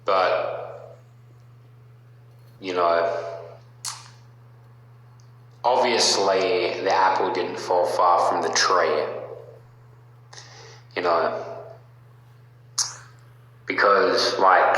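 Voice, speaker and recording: A deep-voiced man rants slowly in a mocking, taunting tone, stalling on fillers and restarting his phrases. His voice has a bright, forceful edge. It sits in a very echoey room with a long reverb tail and a faint hum behind it. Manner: halting, full of fillers and restarts. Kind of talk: casual rant.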